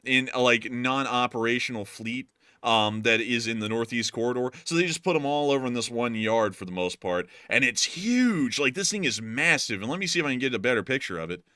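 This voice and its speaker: Bright-voiced Southern man joking around. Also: medium pitch, animated, fairly quick, no echo, clean studio sound. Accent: Southern American. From American South. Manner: jokey, laughs often, puts on loud voices for bits. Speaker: co-host. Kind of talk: casual joking chat.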